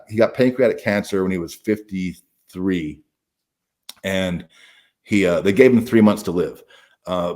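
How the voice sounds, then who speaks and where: A man's voice: lowish voice, darkish tone. A middle-aged man, a podcast guest, talking candidly in a blunt, profane way with frequent restarts. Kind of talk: candid conversational storytelling.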